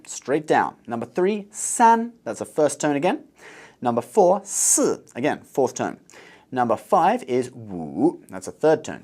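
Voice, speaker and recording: Male lesson host, animated pitch, teacherly, slows to model words. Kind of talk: scripted teaching presentation.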